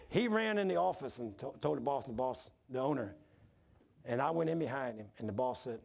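Gravelly preacher man. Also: medium pitch, moderate pace, long pauses. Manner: folksy, animated storytelling, acts out voices in anecdotes. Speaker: pastor. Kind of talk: sermon with storytelling.

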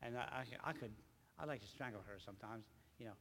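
Older man giving a halting church testimony. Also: medium pitch, a bit bright, long reverb tail, slight background noise. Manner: rambling, halting, repeats words. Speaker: lay preacher.

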